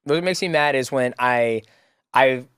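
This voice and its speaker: A man's voice: mid-range voice, measured pace, a bit bright, smooth, no echo, studio quality. A man in his thirties, a fighter as podcast guest, telling stories in casual chat, laughing often and swearing casually. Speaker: guest, mixed martial artist.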